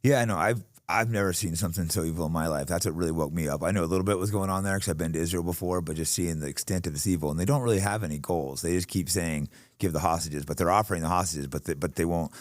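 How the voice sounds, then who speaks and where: Deep fast-talking blunt man. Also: no echo, clean studio sound. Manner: blunt, heated, outspoken. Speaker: podcast host. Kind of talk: casual conversation. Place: podcast studio.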